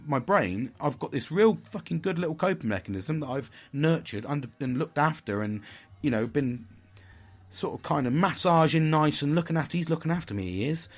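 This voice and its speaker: A man's voice: a little high, animated, fairly quick. A middle-aged man giving a candid vlog monologue, blunt and frank, with heavy swearing. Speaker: vlogger.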